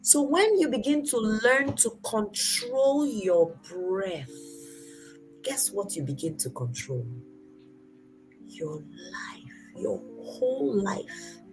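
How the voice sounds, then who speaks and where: A woman in her forties hosting a motivational talk, engaging her audience with questions she answers herself, swinging between loud emphatic bursts and soft near-whispers. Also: mid-range voice, big pitch swings, takes it slowly, over music, rough recording. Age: 40s. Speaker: host.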